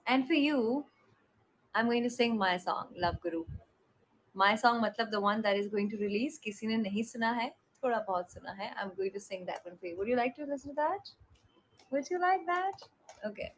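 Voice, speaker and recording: A woman's voice: on the high side, animated, quick pace, slight background noise, poor audio. A young woman hosting a live stream, chatting affectionately with viewers and greeting them by name.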